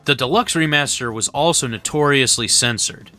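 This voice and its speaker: Bright-voiced male game reviewer. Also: medium pitch, moderate pace, soft background music. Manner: opinionated, blunt. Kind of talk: scripted voice-over review.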